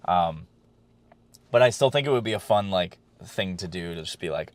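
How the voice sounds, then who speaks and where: Here another man co-hosts a wrestling podcast, talking casually, wandering off a little, and using fillers plus the odd curse. His low voice is animated and moves at a normal speed, with no echo in the audio.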